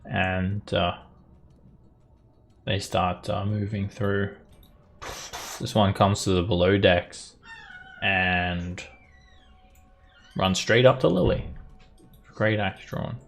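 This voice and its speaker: Low gravelly man running a tabletop game. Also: fairly even intonation, soft background music. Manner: explains rules patiently, narrates action briskly. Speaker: dungeon master.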